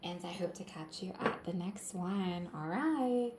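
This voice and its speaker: This tarot reader's voice is on the low side and a little slow, captured very noisily by a phone camera indoors beside a candle. She keeps the casual reading chatty and encouraging, peppering it with "like."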